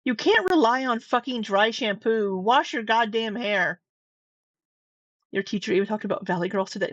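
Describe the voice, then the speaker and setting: A middle-aged woman gives casual reaction commentary, teasing, sarcastic, and freely swearing. Her voice is on the high side at a moderate pace, and the sound is dull, dry, and slightly lo-fi with no echo.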